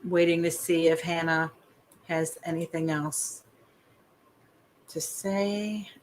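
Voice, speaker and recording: A woman's voice: low-pitched, steady tone, takes it slowly, a little hiss or hum. Chatty woman host reading viewer questions. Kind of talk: casual live-stream chat.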